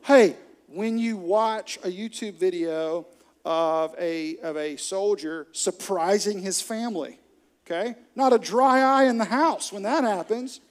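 A man preaching a sermon to a congregation, animated and humorous, acting out little quoted scenes. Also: high voice, measured pace. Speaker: pastor.

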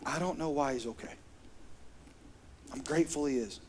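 A man's voice: medium pitch, moderate pace, a little hiss or hum. A middle-aged man, preaching a sermon as pastor in an earnest, conversational way. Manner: earnest, conversational, with soft laughs.

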